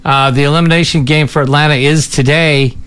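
A man's voice: a little high, fairly even intonation, brisk, fairly bright tone, clear, resonant tone. A man hosting a morning radio show in casual banter, chatty and tripping over hard words.

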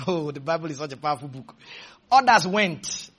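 A man preaches in a high, lively voice that swoops and climbs as he stretches his words. His tone is bright and husky. He shouts lines for the congregation to repeat back. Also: some chatter behind. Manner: shouting, drawn-out preaching with call-and-response. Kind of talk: sermon.

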